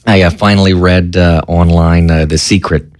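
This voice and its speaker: A man's voice: sits low, steady tone, moderate pace, no room sound, studio quality. A man hosting a podcast, chatting loosely and joking, with the odd swear word. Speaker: podcast host. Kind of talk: casual chat.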